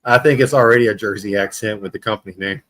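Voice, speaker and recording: A man's voice: fairly low pitch, fast, a bit bright. A man hosting a casual panel chat, joking and bantering with his co-hosts. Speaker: panel show host.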